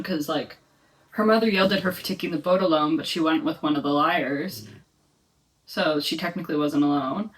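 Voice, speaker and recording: A woman's voice: on the low side, slight background noise. A young woman chatting casually in a reading vlog at home, rambling with lots of filler words. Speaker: book vlogger. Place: home, reading in bed or on couch. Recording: voice a bit far from the mic.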